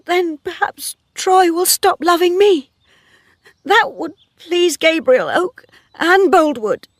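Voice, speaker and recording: A woman's voice: very high-pitched, animated, takes it slowly, no room sound, studio quality, voice pushed up, heavily acted. A woman reader voicing a spirited young woman farmer in an earnest, pleading way. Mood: pondering. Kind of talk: dramatic story reading.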